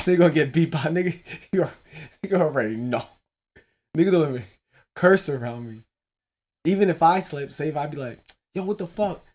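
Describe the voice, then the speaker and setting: A man's voice: a little high, animated, normal speed, long pauses, darkish tone. A man in his thirties hosting his own podcast, rambling casually about his teenage son with loose, profane talk and laughing asides. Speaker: podcast host.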